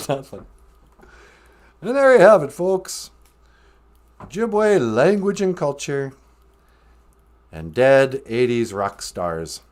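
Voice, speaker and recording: A male podcast host chats casually and keeps cracking jokes, often laughing at his own lines. His pitch swings widely while his pace stays unhurried. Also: sing-song, a little mellow. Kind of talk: comedic live-stream chat.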